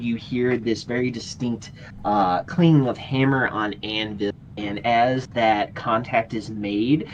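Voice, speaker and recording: A man narrating a tabletop game as game master, unhurried and filling pauses with "uh". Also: on the low side, lo-fi sound. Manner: unhurried, with many filler pauses. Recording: faint background noise.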